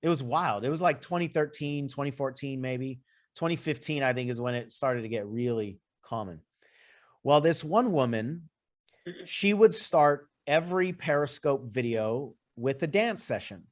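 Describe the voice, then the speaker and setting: Male life coach, mid-pitch, casual conversational delivery with asides. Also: animated, moderate pace. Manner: conversational, explaining with lists and asides. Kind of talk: coaching session.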